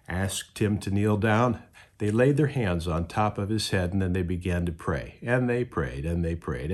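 A man preaching a sermon, telling a story and acting out the voices of the people in it. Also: lowish voice. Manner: storytelling, acts out quoted voices. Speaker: pastor.

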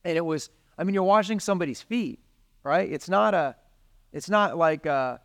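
A man's voice: on the high side, normal speed, gravelly. A man preaching, talking casually with his listeners and reading scripture aloud. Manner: conversational, reads scripture aloud. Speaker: pastor. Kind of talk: sermon.

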